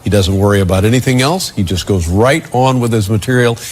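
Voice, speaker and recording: A man conducting a formal sit-down interview, asking questions in a measured, deliberate way. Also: lowish voice.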